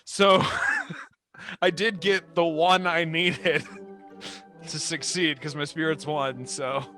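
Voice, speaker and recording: A man's voice: a little high, level tone, takes it slowly, pushed and bright, soft background music. A man playing a tabletop game with friends, joking and laughing through his lines. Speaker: player. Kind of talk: casual improvised role-play.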